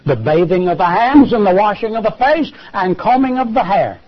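A man preaching a sermon on television, emphatic, with rhetorical questions and sudden jumps in pitch. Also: expressive, moderate pace. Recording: lo-fi television broadcast.

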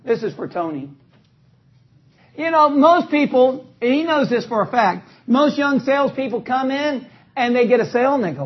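A man preaching an energetic sermon in a church, joking with the congregation and calling for responses. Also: very high-pitched, moderate pace, slightly rough. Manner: calls out to the congregation, joking, rising to loud exclamations. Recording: dull lo-fi recording.

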